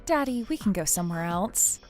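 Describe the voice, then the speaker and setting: A woman voicing a gentle, considerate young adult daughter who speaks in a soft, supportive, earnest way. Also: lowish voice, very animated, fairly quick, soft background music. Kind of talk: animated story voice acting.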